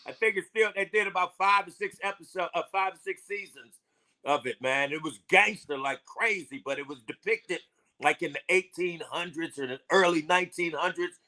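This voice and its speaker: A man's voice: high voice, moderate pace, pushed and bright. A man co-hosting a casual sports podcast, rambling loosely with many fillers.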